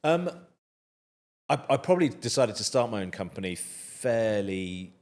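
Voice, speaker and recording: A man's voice: lowish voice, very animated, a little slow, a little mellow. A man in his fifties, an interview guest who speaks thoughtfully with frequent restarts and hesitations. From United Kingdom. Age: 50s. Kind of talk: casual interview chat.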